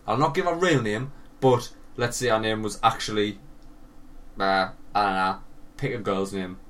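A man's voice: fairly low pitch, moderate pace, fairly bright tone, distant mic. A young man co-hosting a podcast, telling a long embarrassing story with lots of swearing and laughter. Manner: sweary, laughing, drops voice for quoted lines. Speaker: podcast co-host. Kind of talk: casual storytelling chat.

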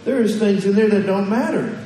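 A man's voice: sits high, a little fast, warm tone, a little hiss or hum. A man preaching a sermon as pastor, talking conversationally and putting questions to the congregation. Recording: echoey hall from far off.

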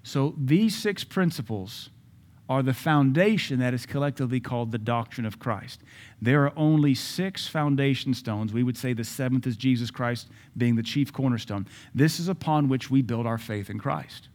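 A man's voice: medium pitch, moderate pace, a little mellow. A man preaching a sermon as pastor at a church service, emphatic and repeating key phrases.

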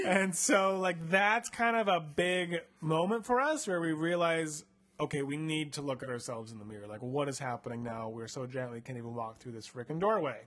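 A young man with a slightly higher-pitched voice retells a story in a loose, playful way for a comedy podcast. He talks casually, leaning on fillers like "like" and "um" as he goes. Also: moderate pace, a bit bright. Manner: chatty, full of "like" and "um" fillers, playful. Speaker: podcast host reading a choose-your-path book aloud.

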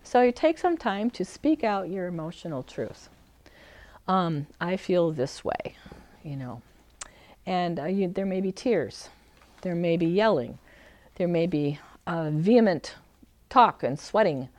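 A middle-aged woman teaching an emotional healing practice in a gentle, earnest way, acting out feelings in short quoted lines. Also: lowish voice, lively intonation, measured pace. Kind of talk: reflective teaching talk.

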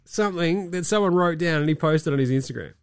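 A man's voice: a little high, fast, smooth, no room sound. Aussie guy ranting on a sports pod, sick and coughy, swears constantly, dry close sound, faint music. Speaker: podcast host. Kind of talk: casual sports chat.

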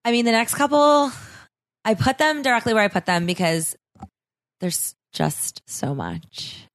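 A woman's voice: a little high, sing-song, unhurried. A woman on a casual podcast, sarcastic and blunt, swearing freely while she rips into people. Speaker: podcast guest.

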